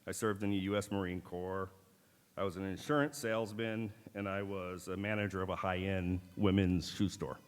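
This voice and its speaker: Low-voiced man speaking in a reverberant hall. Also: flat delivery. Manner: measured, deliberate delivery with wry asides. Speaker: keynote speaker at a medical school ceremony. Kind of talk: formal ceremonial speech with dry humor. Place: large auditorium. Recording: long hall reverb from a large auditorium.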